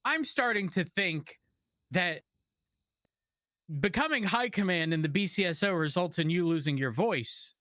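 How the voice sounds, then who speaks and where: A man chats in character as a police officer, teasing the others and laughing often. His voice is bright and ranges widely in pitch, with a dry, close sound. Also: lively intonation, a little slow, long pauses, no echo. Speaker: police officer in role-play. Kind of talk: in-character role-play chat.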